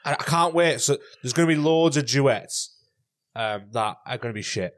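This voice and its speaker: A man's voice: mid-range voice, normal speed. A man co-hosting a podcast, telling stories in a casual chat and acting out the voices of the people in them. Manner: animated storytelling, acts out voices. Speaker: podcast co-host.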